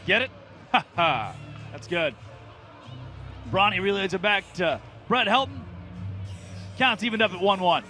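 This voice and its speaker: A man calling a live baseball game from the broadcast booth, excitable and jokey, often shouting the big plays. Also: high voice, normal speed, pauses often, faint music behind. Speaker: play-by-play announcer.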